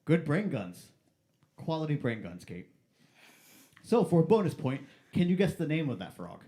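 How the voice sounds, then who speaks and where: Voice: mid-range voice, big pitch swings, normal speed, warm tone. A playful host running a silly game show on a live stream, stretching out key words like an announcer.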